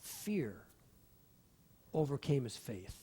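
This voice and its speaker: A man preaching a sermon as pastor, animated, acting out the voices in the stories he tells. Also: medium pitch, takes it slowly, husky. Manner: animated, acts out voices in quotes. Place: church sanctuary. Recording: long hall reverb.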